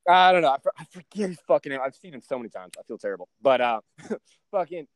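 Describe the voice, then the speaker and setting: A man's voice: a little high, expressive, quick pace. A young man hosting a podcast, telling a brash story in casual chat, swearing constantly and calling his friend bro and dude. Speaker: podcast host.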